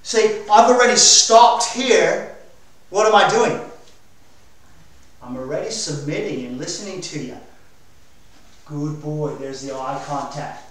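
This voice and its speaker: Energetic male dog trainer, echoey. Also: a little high, a little slow, pauses often. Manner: coaching, energetic and direct. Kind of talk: hands-on training demonstration. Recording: echoey room, mic far off.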